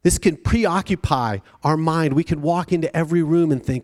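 A pastor preaching to students in a chatty way, often checking in with the crowd by asking "right?". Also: male voice, fairly high pitch, moderate pace, few pauses, a little mellow, in a large hall. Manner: conversational, frequent tag questions. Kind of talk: sermon to students.

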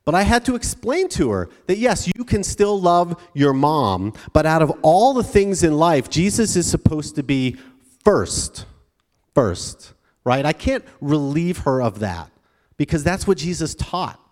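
A pastor preaching to students in a chatty way, often checking in with the crowd by asking "right?". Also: male voice, a little high, big pitch swings, measured pace, darkish tone, in a large hall. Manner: conversational, frequent tag questions. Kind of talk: sermon to students.

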